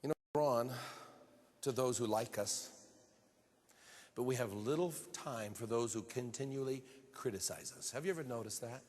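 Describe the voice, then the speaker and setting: A man's voice: mid-range voice, moderate pace, darkish tone. Earnest man preaching in a reverberant hall. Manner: earnest, rising to emphatic peaks. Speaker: pastor. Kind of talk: sermon.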